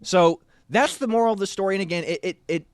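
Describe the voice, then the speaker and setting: A man's voice: sits high, quick pace, no room sound, clean studio sound. A man co-hosting a casual movie review show, rambling, with many restarts and fillers. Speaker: podcast co-host.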